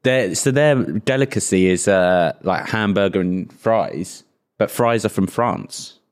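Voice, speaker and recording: A man's voice: lowish voice, a little slow, smooth. A young man co-hosting a podcast, insistently explaining and arguing his points. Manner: argumentative, explains with emphatic certainty. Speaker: podcast co-host. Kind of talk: casual chat.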